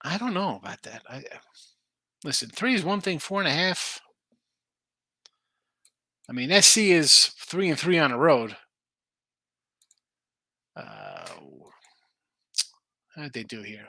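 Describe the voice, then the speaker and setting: Casual male betting-show host, bright forceful voice, dry close mic, rambling and animated. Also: fairly high pitch, takes it slowly, long pauses, dry recording. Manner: animated, rambling, thinks aloud over betting lines. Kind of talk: casual live-stream chat reading viewer picks.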